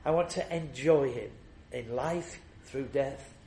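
A man's voice: medium pitch, slow, mellow, echoey room, slight background noise. A man preaching a sermon, telling a personal story and building to emphatic repeated refrains.

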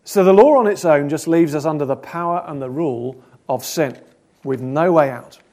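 A man preaching a sermon, earnest, asking probing questions and swinging between loud and soft. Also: on the high side.

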